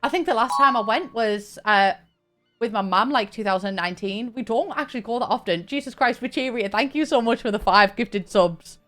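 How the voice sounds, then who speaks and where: A young woman chatting and laughing while she streams a game, talking in halting bursts with frequent restarts. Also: on the high side, fairly bright tone, faint music behind. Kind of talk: casual live-stream chat while gaming.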